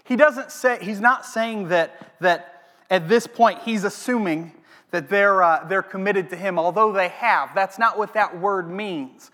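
A man preaching a sermon as a pastor, animated, asking the congregation questions. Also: high voice, a little slow. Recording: long hall reverb.

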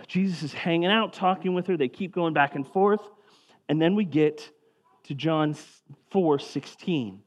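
A male pastor delivers a sermon in an easygoing, conversational tone. His voice sits a touch higher than most men's. When he reads scripture aloud, he drops low and quiet. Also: measured pace.

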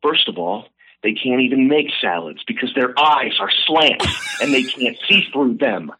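A man voicing a smug young man's scornful inner monologue, in a hushed, sneering half whisper. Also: medium pitch, lively intonation, normal speed, husky, rough recording.

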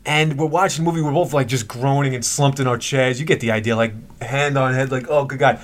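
A man's voice: mid-range voice, steady tone, fairly quick. A man co-hosting a casual podcast, telling stories with stumbles, laughs and swearing. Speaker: podcast co-host. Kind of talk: casual chat, storytelling.

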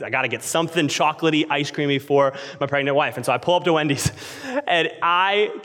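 A man in his thirties preaching a sermon, telling a story with animated swings from loud excitement to quiet intensity. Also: mid-range voice. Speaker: pastor. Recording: long hall reverb.

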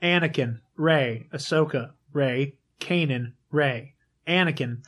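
A man with a slightly raised pitch chats casually in a group, animated and quick to swear. He retells scenes with gusto and reads lines aloud in a steady rhythm. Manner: animated, swearing, quotes lines in dramatic voices.

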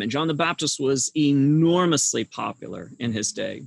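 A middle-aged male pastor preaches in a husky, somewhat high voice with a pressing, forceful edge. He tells the story with humor and keeps asking his listeners rhetorical questions. The sound is close and dry. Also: lively intonation, normal speed, few pauses, no echo. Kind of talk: sermon.

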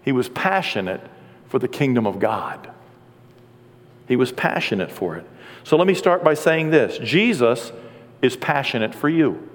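A man preaching a sermon as pastor, animated and playful, acting out quick voices and jokes. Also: medium pitch, long reverb tail.

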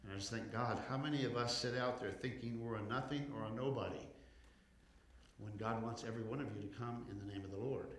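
A male pastor preaching a sermon, rising in intensity, slowing down to stress words and calling on the congregation to respond. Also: medium pitch, echoey room. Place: church.

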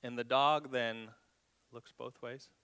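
A man's voice: mid-range voice, steady tone, slow pace, bright, forceful tone, clean tone. A male pastor preaching a sermon, often repeating words as he searches for them and dropping to a whisper. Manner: stumbling repeats, dramatic drops to a whisper.

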